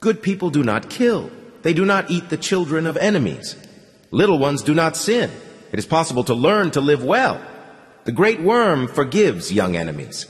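A man's voice: fairly high pitch, sing-song, in a large hall, pitched above the performer's own voice. A man voicing a young male savage cult follower who speaks in simple, solemn phrases. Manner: simple, solemn, halting speech.

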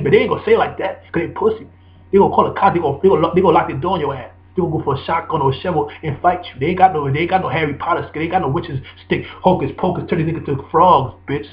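A high-voiced man rants at a rapid clip, preachy and profane, hammering the same phrases over and over. The recording is dull and lo-fi. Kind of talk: ranting monologue.

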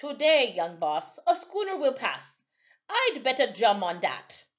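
A woman voicing an old island sailor man, gruff and protective, who gives urgent warnings in broken grammar. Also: a little high, very animated, unhurried, muffled recording, pitched above the performer's own voice.

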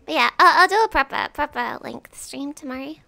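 Woman game streamer, high gravelly voice, chatty and foul-mouthed with chat. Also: lively intonation, fairly quick, pushed and bright. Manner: chatty, swears casually, talks to chat. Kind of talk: live gameplay commentary.

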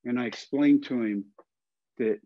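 A man in his forties from Texas, a podcast guest telling a long personal story in a folksy, animated way and acting out the voices of the people in it. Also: medium pitch, unhurried, dry recording, muffled recording.

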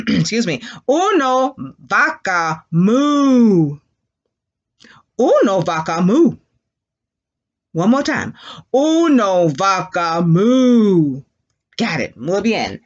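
Lively sing-song woman teacher. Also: on the low side, muffled recording. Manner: sing-song, leads call-and-repeat drills with animal sounds. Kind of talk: children's language lesson.

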